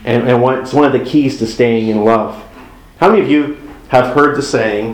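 A man's voice: mid-range voice, moderate pace. A middle-aged man preaching a sermon in a loose, conversational way, acting out little exchanges between spouses. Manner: conversational, acts out little dialogues. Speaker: pastor. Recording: roomy echo.

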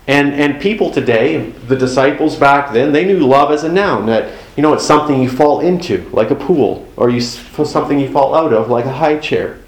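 A man's voice: medium pitch, normal speed, few pauses, slight background noise. Echoey preaching man, conversational. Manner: conversational preaching with folksy asides and acted-out dialogue. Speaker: pastor. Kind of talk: sermon.

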